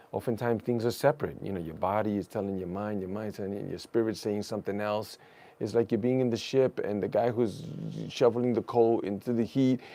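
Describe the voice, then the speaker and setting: A man with a low voice and a gravelly, husky edge, talking as a guest in a casual conversation. He tells stories in an animated way and leans into spiritual encouragement. His tone sits on the dark, mellow side.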